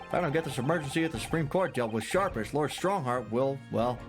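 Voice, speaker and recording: A man's voice: mid-range voice, expressive, fast, over music, close to an everyday voice. A man doing a flustered inspector. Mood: fawning. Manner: flustered, fawning, gushing. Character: fawning British police inspector, flustered middle-aged man.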